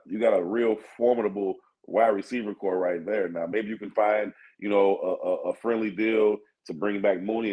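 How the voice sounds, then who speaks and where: Lower-voiced man breaking down sports. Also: darkish tone, low-quality recording. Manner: thinks aloud with fillers, asks "you know what I mean?". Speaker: sports talk co-host or guest. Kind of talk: casual sports analysis.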